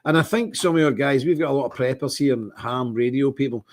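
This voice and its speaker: A Scottish man hosting a live stream, talking in a rambling, indignant way with big swings in pitch. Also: quick pace. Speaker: livestream host. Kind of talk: casual live-stream monologue.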